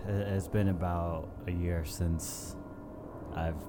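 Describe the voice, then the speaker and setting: Deep-voiced stammering man. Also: level tone, slow, heavy background noise. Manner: casual, stammering. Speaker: player.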